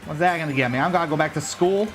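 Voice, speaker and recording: A man's voice: a little high, very fast, soft background music, close to an everyday voice. A man voicing a hotheaded, brash adult tough guy with a Boston accent, swearing and picking fights. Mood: cocky. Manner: swearing, combative, mocking.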